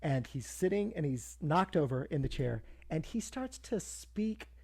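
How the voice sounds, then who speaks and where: Female podcast co-host, low-ish husky voice, rapid opinionated casual chat. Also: sing-song, darkish tone. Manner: chatty, quick and opinionated. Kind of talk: casual chat reviewing a TV episode.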